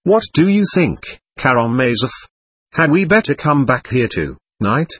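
A man reading a novel aloud, voicing a proud teenage schoolboy who talks in a brisk, earnest and irritable way. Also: medium pitch, sing-song, fairly bright tone, husky, no room sound, exaggerated voice.

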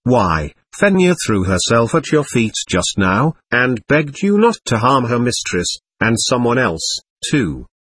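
A man voicing a simple, pious peasant coachman who speaks slowly and deferentially. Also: mid-range voice, big pitch swings, slightly rough, no echo, full character voice. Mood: hesitant. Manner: slow, deferential, gentle. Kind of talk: audiobook character voice.

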